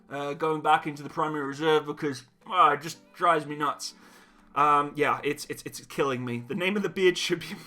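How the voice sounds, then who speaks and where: Reading donations aloud on a laid-back live chat stream, this young host keeps laughing at his own expense, giggly and self-deprecating. His voice sits a little high, with a bright, forceful tone.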